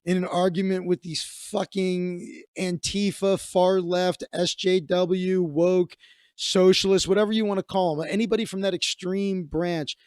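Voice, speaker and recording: A man's voice: sits high, little pitch movement, unhurried, a little mellow, smooth, dry recording, clean studio sound. A comedian hosting a livestream, a man telling stories in casual, rambling, profane chat with many restarts.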